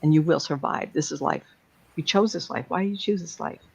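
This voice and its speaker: A woman's voice: deep voice, expressive, a little fast, creaky, a little mellow, slightly rough. A woman speaking as a psychic medium, giving a blunt, plain-spoken talk to an audience. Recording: dull lo-fi sound.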